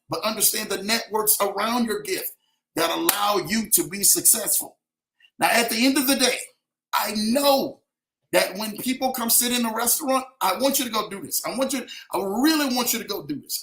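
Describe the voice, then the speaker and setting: High bright-voiced man preaching. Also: roomy sound. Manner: preachy, repetitive, rising to emphatic peaks; casual slang, addresses listeners directly. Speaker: motivational speaker. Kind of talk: motivational talk.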